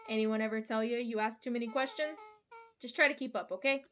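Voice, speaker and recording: A woman voicing a pushy, scheming twelve-year-old girl in a video game, with a brisk, bossy, conspiratorial delivery. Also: fairly high pitch, a bit bright, slight background noise, close to an everyday voice.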